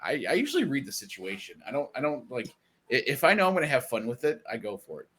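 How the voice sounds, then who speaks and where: Bright-voiced animated male streamer. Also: medium pitch, quick pace, husky. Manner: animated, acts out quotes in silly voices. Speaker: streamer on a panel. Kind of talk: casual panel chat.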